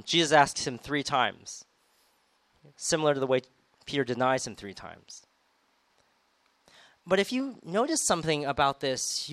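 A man's voice: on the high side, a bit bright, no echo. A man preaching a sermon in a conversational way, retelling scripture and acting out quoted lines with rising emphasis.

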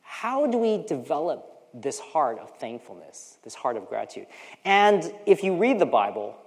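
An American preacher in their forties speaks in a sing-song, medium-pitched voice at normal speed. The sermon is conversational, with personal asides and quoted voices acted out. Long hall reverb hangs over everything.

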